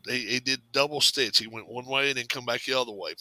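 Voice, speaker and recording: A man's voice: mid-range voice, fast talker, bright, forceful tone, dry recording, low-quality recording. A man telling a funny childhood story in a casual chat, drawling and acting out what others said. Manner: drawling, laughing storyteller who acts out quotes.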